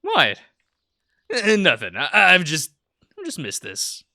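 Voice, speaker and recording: A man's voice: sits high, huge pitch swings, slow pace, creaky, bright, forceful tone, no echo, clean studio sound, pitched above the performer's own voice, exaggerated voice. A man doing Ronzo, a cheerful raised-voice furry sailor. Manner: upbeat and friendly.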